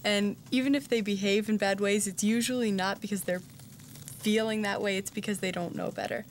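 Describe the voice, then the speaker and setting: Calm, gentle woman reflecting. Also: medium pitch, a little fast, slight background noise. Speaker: interviewee. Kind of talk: reflective interview answer.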